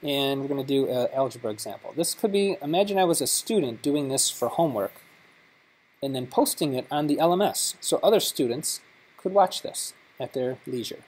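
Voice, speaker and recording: A man's voice: mid-range voice, animated, brisk, darkish tone, husky, poor audio. A man giving a live workshop at a conference, demonstrating an app step by step in a chatty way. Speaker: workshop presenter. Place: conference session room. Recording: live conference talk recording.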